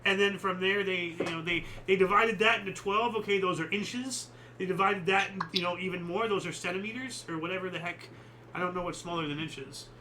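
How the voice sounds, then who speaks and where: A man's voice: sits high, brisk, sharp tone, a little hiss or hum, low-quality recording. A man hosting a casual history chat show, reading out dates and chatting about them in a rambling, opinionated way with many fillers. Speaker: host.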